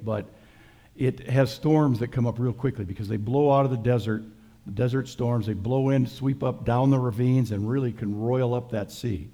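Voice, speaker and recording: A middle-aged male pastor delivers a sermon in a relaxed, folksy, storytelling way. His voice is gravelly and husky, with a dark, mellow timbre. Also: mid-range voice. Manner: folksy, conversational storytelling with jokes.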